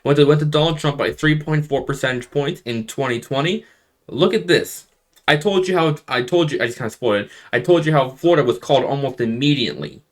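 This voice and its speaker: A man's voice: medium pitch, brisk. A young man talking casually through election results on a map, often restarting his sentences and stressing surprises with rising emphasis. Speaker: political commentator.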